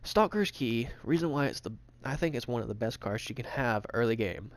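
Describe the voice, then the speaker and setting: A man's voice: mid-range voice, expressive. A man casually narrating a game tutorial, rambling and swearing, with frequent restarts. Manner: rambling, profane, fast talk with restarts. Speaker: gaming channel host.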